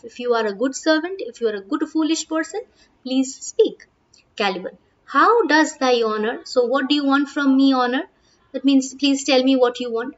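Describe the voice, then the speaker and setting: A woman's voice: high-pitched, lively intonation, normal speed, muffled recording. A woman with an Indian English accent, reading play lines aloud and explaining each one in plain words as a teacher. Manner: reads lines aloud, then paraphrases in plain English with frequent "uh" and "okay".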